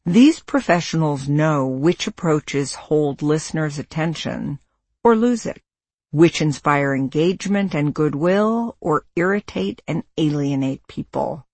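Audiobook narrator, measured and instructive, unhurried delivery, husky grain, dry close sound. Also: mid-range voice, no echo. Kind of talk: scripted nonfiction narration.

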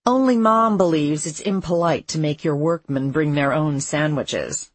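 A woman's voice: sits low, a little slow, breathy edge, dry recording. A woman narrator voicing a sardonic, languid young woman who speaks in a dry, bored, sarcastic way.

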